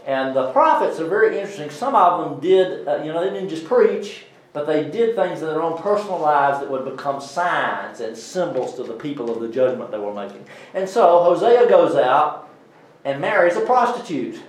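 A man with a Southern US accent giving an informal Bible lesson, chatty, with many fillers and some throat clearing. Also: on the high side, animated, normal speed, reverberant, poor audio. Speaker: Bible teacher.

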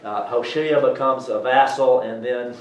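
Southern guy giving a relaxed bible lesson, lots of ums and uhs, roomy echo. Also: mid-range voice, measured pace. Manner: conversational, with many fillers and throat clearing. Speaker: Bible teacher.

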